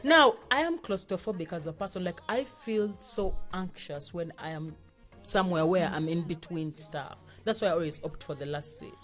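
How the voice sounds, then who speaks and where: A young woman, telling a personal story on a podcast in a lively way, laughing and acting out the people she quotes. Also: fairly low pitch, moderate pace, faint music behind. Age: young adult. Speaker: podcast co-host. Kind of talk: casual storytelling chat.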